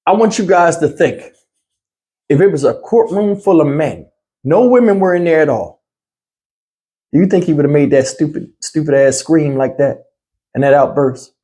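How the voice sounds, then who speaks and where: A man with a slightly high voice reacts to a news clip in blunt, heated, slangy talk. He speaks straight to his viewers like a commentary host. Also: moderate pace, long pauses, dark tone.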